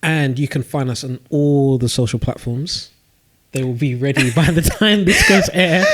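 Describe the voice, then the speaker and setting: A man's voice: mid-range voice, huge pitch swings, normal speed, a bit bright, slight background noise. Easygoing man co-hosting. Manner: easygoing, short agreeing replies. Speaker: podcast co-host. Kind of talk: casual chat.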